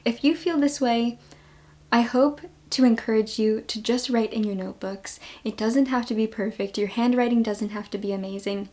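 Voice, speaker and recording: A woman's voice: fairly high pitch, moderate pace, a little mellow. A young woman with a Long Island accent chatting casually in a haul vlog, gushing and laughing often. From New York. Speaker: book vlogger.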